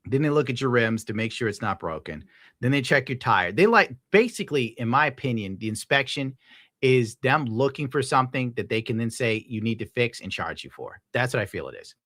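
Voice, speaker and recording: A man's voice: medium pitch, animated, a little fast, fairly bright tone, no room sound, studio quality. Profane ranting male livestreamer. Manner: profane, ranting, gets worked up. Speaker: livestreamer reading viewer tips. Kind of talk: casual livestream chat.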